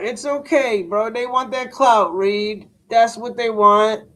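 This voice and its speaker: A man hosts a casual livestream and talks with his chat in an unhurried, drawn-out way. His voice sits high for a man. He sounds tired and dismissive, and he drops "bro" into almost every line. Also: fairly even intonation, a bit bright. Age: adult. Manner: laid-back slangy talk, says bro a lot; dismissive toward a chat troll. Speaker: livestream host.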